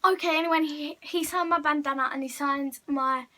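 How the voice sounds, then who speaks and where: A teenage girl tells her fan story to camera in a high voice. She gushes breathlessly and fills her talk with "like". Her tone is bright and sharp. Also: steady tone, moderate pace, a little hiss or hum, poor audio. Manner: gushing, breathless storytelling with many likes. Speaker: vlogger. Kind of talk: excited fan story vlog.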